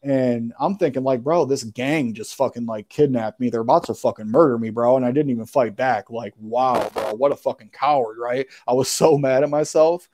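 A man's voice: medium pitch, moderate pace, hardly any pauses, a little mellow. A man telling a story as a guest in a casual, slangy, profane way, calling people "bro.". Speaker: podcast guest.

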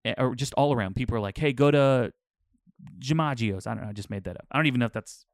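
A man's voice: mid-range voice, very fast, creaky, no echo. Chatty man, dry close sound. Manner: rambling, animated storyteller. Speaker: podcast co-host. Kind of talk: casual chat.

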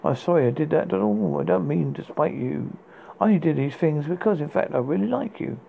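Gravelly man reading poems over a tinny line. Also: a little high, lively intonation. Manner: halting, stumbles and restarts words. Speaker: podcast host. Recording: tinny phone-like sound with faint hiss.

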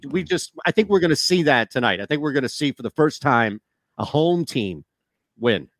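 A man co-hosting a sports talk show, giving quick opinions on games and bets into a studio microphone. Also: medium pitch, lively intonation, fairly bright tone, dry recording. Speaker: sports radio co-host.

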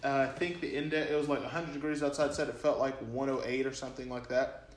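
A man's voice: medium pitch, little pitch movement, fast talker, a little hiss or hum. Rambling young man in an echoey room. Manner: rambling, many fillers and repeats. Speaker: podcast co-host. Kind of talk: casual storytelling chat. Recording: roomy echo.

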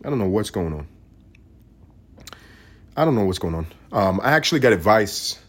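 A man hosts his own podcast with a low, husky voice, launching into a profane and sarcastic comedic rant. His delivery is highly animated, leaping between loud outbursts and quiet muttering. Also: moderate pace. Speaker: podcast host.

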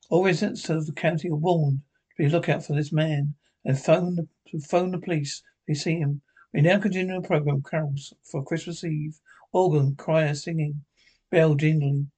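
A man reading a horror film script aloud in a flat, even way, reading out the sound cues along with the lines. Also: a little high, vocal fry, breathy edge. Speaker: script reader.

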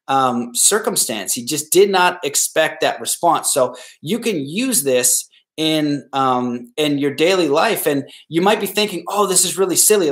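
A man's voice: fairly high pitch, fairly bright tone. A man hosting a solo podcast, giving casual, rambling advice and acting out the people he quotes. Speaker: podcast host.

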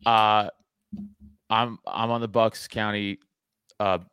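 A man's voice: fairly low pitch, takes it slowly, clean tone, dry recording, studio quality. A man hosting a casual podcast chat, swearing a lot and restarting his sentences as he talks. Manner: profane, animated, frequent restarts. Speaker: podcast host.

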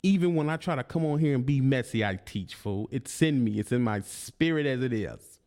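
An online commentator with a medium-pitched, slightly mellow voice speaks at a normal speed with animation. He directs a confrontational, preachy monologue at a rival, taunting him and repeating his points.

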